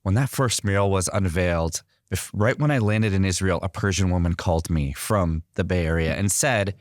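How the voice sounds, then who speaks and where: A man from Iran, a guest artist on an interview show, telling stories in an earnest, animated way. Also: low-pitched, moderate pace, hardly any pauses, no echo, studio quality. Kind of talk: interview, storytelling.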